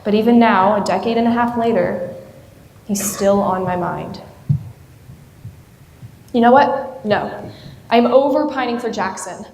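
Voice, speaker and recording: A woman's voice: mid-range voice, a little slow, pauses often, a little mellow, lightly acted. Woman playing a wistful young bride-to-be. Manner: wistful and self-mocking. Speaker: student actor. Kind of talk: stage play monologue. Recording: echoey hall from far off, faint ambience.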